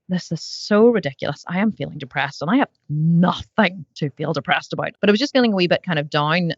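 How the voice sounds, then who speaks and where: A woman's voice: deep voice, no room sound, lo-fi sound. A woman hosting a podcast in casual chat, rambling with lots of fillers as she talks to her guest. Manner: rambling, fast and chatty, full of fillers. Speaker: podcast host.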